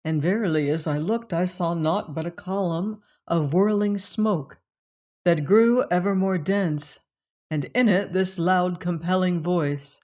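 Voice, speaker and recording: An audiobook narrator reading a classic adventure novel in a slow, measured, old-fashioned storytelling manner. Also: medium pitch, a little mellow.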